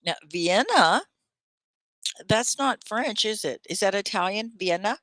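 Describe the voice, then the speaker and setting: Animated woman teaching English live. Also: medium pitch, unhurried, dry recording. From Texas. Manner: animated and gushing, reading viewers' comments aloud. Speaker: ESL teacher hosting a live class. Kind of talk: live online English lesson, chatting with viewers.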